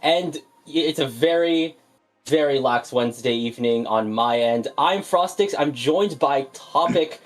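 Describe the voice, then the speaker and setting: A man casting an online video game tournament, calling the action play by play with a wry, energetic delivery. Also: mid-range voice, a little slow, rough recording. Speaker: play-by-play caster. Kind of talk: esports commentary.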